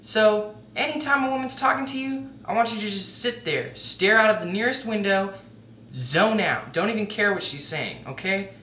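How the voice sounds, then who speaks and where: A woman's voice: medium pitch, lively intonation, moderate pace, a bit bright, roomy sound, a little hiss or hum. A woman narrating satirical mock dating advice in a sarcastic, mock-authoritative tone.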